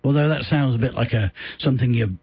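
A man's voice: medium pitch, quick pace, husky, dry recording, lo-fi sound, faint music behind. A man hosting a radio show in a rambling, self-mocking way, stumbling over his own words. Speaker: radio host. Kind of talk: casual radio chat.

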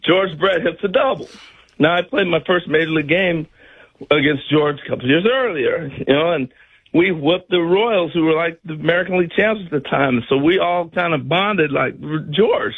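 An older man, a former major league player, telling baseball stories on a talk show in a casual, animated way and acting out other people's lines. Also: fairly high pitch, moderate pace, breathy edge, narrow, tinny audio. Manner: animated storyteller, acts out other people's lines, laughs often.

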